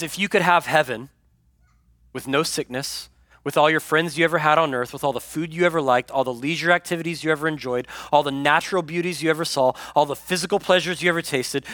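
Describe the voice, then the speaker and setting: Earnest casual pastor preaching. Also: male voice, on the high side, dry recording. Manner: casual, earnest preaching with big swings in loudness, dropping very soft for emphasis. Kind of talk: sermon.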